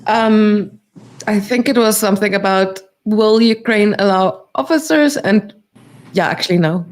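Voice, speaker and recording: A woman chatting casually on a stream, talking quickly with many fillers. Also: medium pitch, a little mellow. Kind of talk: casual chat.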